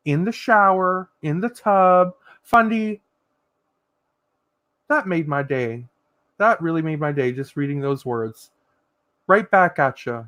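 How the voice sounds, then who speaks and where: A man's voice: fairly high pitch, no room sound. A man hosting a casual livestream, reading out viewers' comments and giving sassy, profane pep talks. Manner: lively, swings between loud and soft. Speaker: livestream host.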